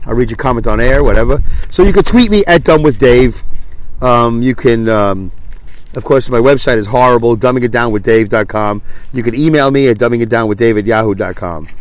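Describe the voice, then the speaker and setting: A man's voice: mid-range voice, fairly quick. Self-deprecating stuffy-nosed man. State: congested, stuffy nose. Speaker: podcast host. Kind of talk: casual solo podcast monologue.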